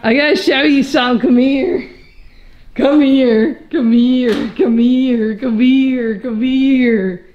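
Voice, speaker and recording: Giggly woman, slow and high. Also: steady tone, a little hiss or hum. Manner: giggly and teasing, answering tersely. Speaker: vlogger girlfriend. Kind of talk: playful prank vlog. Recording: echoey, slightly dull room sound.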